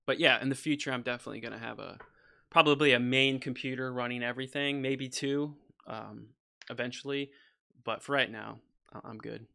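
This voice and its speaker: A man's voice: mid-range voice, steady tone, a little fast, vocal fry, sharp tone. A man composing on a livestream, talking casually and at length with many restarts, opinionated about his craft. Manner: rambling, restarts often, says "freaking" and "you know"; opinionated, goes off on a soapbox. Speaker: composer streaming a session. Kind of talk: casual livestream talk while working.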